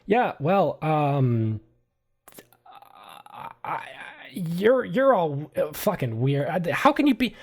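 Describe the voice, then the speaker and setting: A man's voice: fairly high pitch, very animated, slow pace, a little mellow, pitched above the performer's own voice, full character voice. A man voicing a panicky male getaway driver in a tabletop game, stammering and swearing as he hurries everyone along. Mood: flustered.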